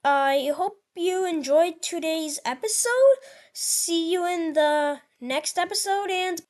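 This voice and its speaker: A woman's voice: extremely high pitch, slow. A woman hosting her channel, narrating an alternate history over a map in a casual, rambling way with frequent restarts. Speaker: channel host.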